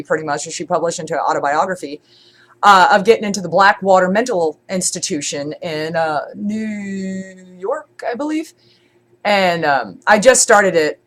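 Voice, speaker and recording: A woman's voice: on the low side, a bit bright. A congested woman streamer chatting casually, rambling with many fillers and restarts. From born in Scotland, raised in Germany. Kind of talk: casual chat.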